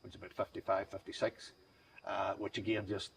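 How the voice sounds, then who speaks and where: A man's voice: deep voice, flat delivery, fairly quick, vocal fry. A middle-aged man, chatting as an interview guest, rambling and enthusiastic with many restarts. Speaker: whiskey brand founder, guest. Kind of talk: casual interview chat. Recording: distant mic, faint background noise.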